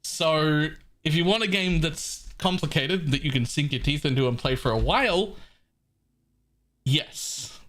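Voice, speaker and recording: A man's voice: fairly high pitch, measured pace, fairly bright tone. An Australian man in his thirties streaming a game live from his home room, chatting casually with viewers in a blunt, joking way and swearing freely.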